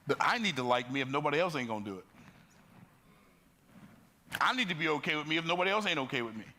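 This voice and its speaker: A man telling life stories in an emphatic, preacher-like motivational talk, building up and jumping into sudden high bursts. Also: pushed and bright. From United States. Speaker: motivational speaker.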